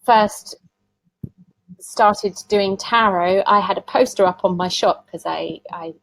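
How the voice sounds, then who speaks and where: A woman's voice: medium pitch, takes it slowly, dry recording, low-quality recording. Chatty woman, dry close sound. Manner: chatty storyteller who laughs often. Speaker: tarot reader, summit guest. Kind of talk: casual conversational interview.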